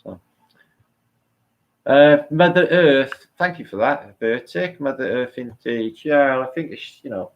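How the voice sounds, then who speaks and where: A man's voice: medium pitch, expressive, measured pace, muffled recording. A middle-aged man hosting a live stream, chatting casually, rambling and swearing as he answers comments.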